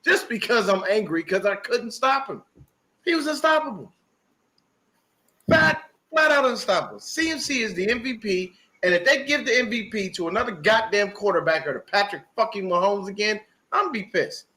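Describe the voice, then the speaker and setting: A man's voice: sits high, expressive, a little fast, hardly any pauses, pushed and bright. A man on a podcast ranting about a football game, profane and emphatic, repeating his points. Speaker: podcast guest. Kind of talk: fired-up sports podcast rant.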